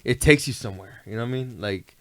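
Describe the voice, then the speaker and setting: A man's voice: lowish voice, quick pace, fairly bright tone, dry recording. A man telling stories in a laid-back, rambling way, often asking "you know what I mean". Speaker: guest. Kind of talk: casual storytelling chat.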